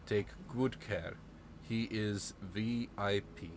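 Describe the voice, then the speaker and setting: A man putting on a mock Russian accent for a gruff man, speaking low with slurred, chewed words. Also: fairly even intonation, slow pace, a little hiss or hum. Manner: lower voice, slurred words, chewing delivery.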